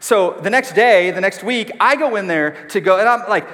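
A male pastor delivers a sermon in a relaxed, conversational way, poking fun at himself and tossing questions out to the congregation. His voice sits a little high for a man. The sound carries a long reverb, as if from a large sanctuary. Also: moderate pace, few pauses. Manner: conversational, self-deprecating, asks the congregation questions. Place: church sanctuary.

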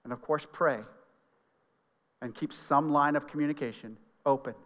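A middle-aged pastor preaching to his congregation in a conversational, earnest way. His voice sits a little high for a man, and a long hall reverb trails every phrase. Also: steady tone, normal speed, a bit bright. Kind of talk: sermon. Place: church sanctuary.

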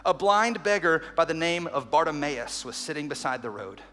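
A man preaching an Easter sermon as a pastor, energetic and conversational, with quick asides and acted-out quotes. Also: on the high side. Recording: long reverb in a large hall with faint music.

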